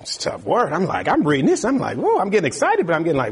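A man preaching a sermon in an animated, conversational way, acting out little asides to the congregation. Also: fairly high pitch, rapid-fire, hardly any pauses.

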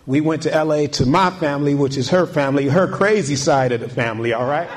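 Background noise accompanies a male pastor whose voice is on the high side, speaking at normal speed. His sermon grows more intense with repetition of key points, and he asks the congregation questions and calls out amen.

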